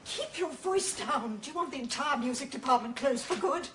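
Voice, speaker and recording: An actress playing a flustered, fussy music teacher who rambles, in a British sitcom. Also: female voice, high-pitched, sing-song, normal speed, very noisy. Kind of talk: sitcom acting.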